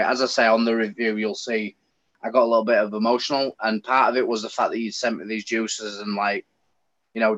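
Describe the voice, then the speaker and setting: A man's voice: on the low side, fairly bright tone. A middle-aged man, a talkative guest telling stories in a casual live stream chat. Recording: slightly dull lo-fi call audio.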